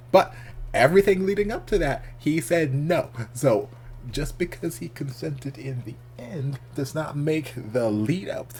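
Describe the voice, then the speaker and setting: Candid, expressive male reaction vlogger. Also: mid-range voice, breathy edge. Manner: candid and expressive, swears casually. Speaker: reaction video host. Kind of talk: casual reaction commentary.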